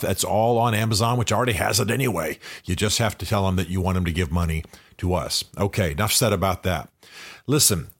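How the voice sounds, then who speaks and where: An older man and men's ministry leader giving a direct, earnest motivational talk to men. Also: on the low side.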